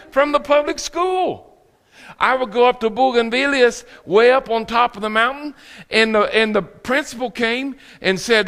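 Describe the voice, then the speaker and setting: Bright-voiced preacher man in reverberant hall. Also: high-pitched, normal speed. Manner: storytelling with acted quotes and laughter. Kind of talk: sermon. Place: church sanctuary.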